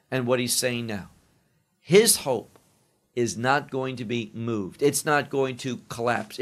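A man preaching a sermon, teaching slowly through a psalm and dwelling emphatically on each quoted verse. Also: mid-range voice, gravelly, fairly bright tone.

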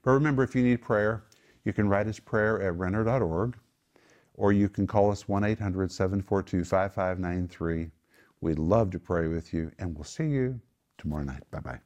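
A man's voice: low voice, normal speed, darkish tone, lo-fi sound. Emphatic man teaching the Bible. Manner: emphatic, stresses key words. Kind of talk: Bible teaching in a home group.

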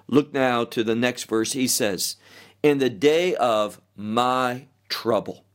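A middle-aged male pastor teaching an expository sermon verse by verse, in a measured, deliberate way. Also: medium pitch.

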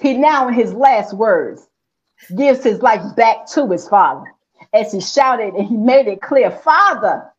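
A woman preaches a sermon, building her points through rhythmic repetition and rising emphatic calls. Her voice sits a little high. The recording is muffled and lo-fi. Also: expressive, unhurried, a little mellow.

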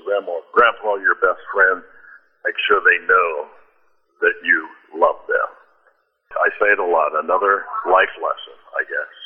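A man with a low, husky voice speaks earnestly and from the heart, often breaking off and restarting his sentences. His sound comes through a narrow, phone-like radio line. He is a preacher telling a personal story as a guest.

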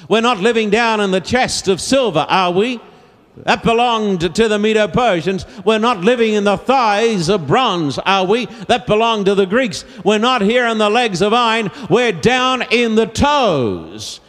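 A man preaching an evangelistic sermon, slow and emphatic, repeating his key phrases. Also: sits high, fairly bright tone. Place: large auditorium. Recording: long reverb of a big hall.

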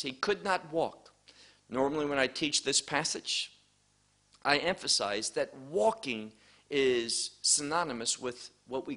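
A man teaching a Bible passage verse by verse, explaining Greek wording in a deliberate, measured way. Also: medium pitch, pushed and bright.

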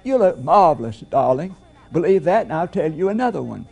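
A man's voice: a little high, sing-song, a little fast, vocal fry, a little mellow, husky, heavily acted. A man preaching does an impression of a vain comedian gushing about looks.

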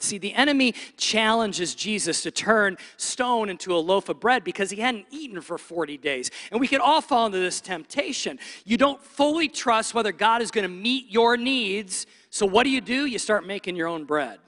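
Preacher guy, high bright voice, big churchy reverb. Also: moderate pace. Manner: animated preaching, acts out inner doubting voices. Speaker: pastor. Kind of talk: sermon. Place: church stage.

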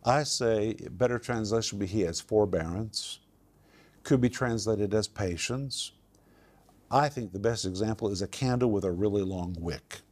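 A man's voice: lowish voice, normal speed, darkish tone. A man teaching a home group Bible study, emphatic and repeating words for stress.

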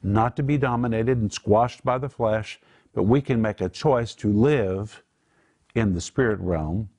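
A man's voice: lowish voice, unhurried, darkish tone. An older man hosting a Bible teaching program, earnest and emphatic as he explains Greek words. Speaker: Bible teacher and show host.

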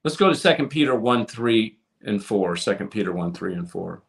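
A man preaching a sermon with passion, swinging from loud to hushed and repeating words as he restarts phrases. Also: lowish voice, animated, moderate pace, gravelly. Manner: impassioned preaching with sudden swings from loud to soft. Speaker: pastor.

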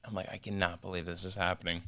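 Man, podcast guest, bright tone, smooth clear voice, casual animated storytelling, swears. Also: low-pitched, fast. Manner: animated, acts out quoted voices.

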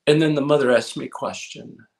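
A man's voice: mid-range voice, fairly even intonation, brisk, gravelly. A man preaching, telling a story in an earnest sermon style and repeating emphatic phrases.

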